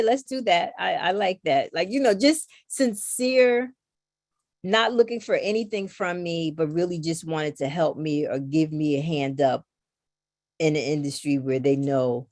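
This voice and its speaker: A middle-aged woman with a low, gravelly voice talks casually as a podcast guest. She tells animated stories and jumps into other people's lines as she goes. The sound is dry and close, with no room around it. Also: dry recording. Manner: animated storyteller who acts out others' lines. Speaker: podcast guest, knitting designer. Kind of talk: casual conversation.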